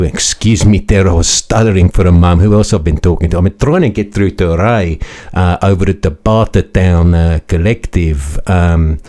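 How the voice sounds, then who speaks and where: A man with a very low, mellow voice performs a crude, mocking parody monologue. His manner is bombastic and self-important as he hosts a crypto comedy channel. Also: moderate pace.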